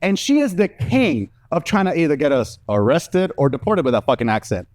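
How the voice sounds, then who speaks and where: Stand-up comic, man from Mexico, 30s, a bit high-voiced, profane and giggly on a stage mic. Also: big pitch swings, brisk, a little mellow, no echo, studio quality. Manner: loose and profane, laughing at his own jokes. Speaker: stand-up comedian. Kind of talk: stand-up comedy set.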